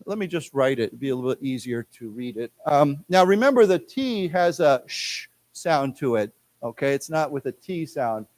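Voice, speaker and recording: A man teaching an English class, explaining words patiently and leading the group through slow repetitions. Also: medium pitch, expressive, a little mellow, no echo. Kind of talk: classroom lecture. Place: library lecture room.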